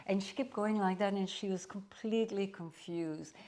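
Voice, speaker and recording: A woman spiritual teacher telling a parable at a satsang in a deliberate storyteller's manner. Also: medium pitch, darkish tone.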